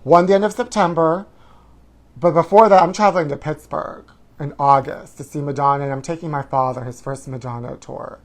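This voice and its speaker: A man in his forties hosts a live stream, reading viewers' comments in a campy, theatrical manner, calling them honey and whooping. His voice is a little high, steady in tone, and fairly quick.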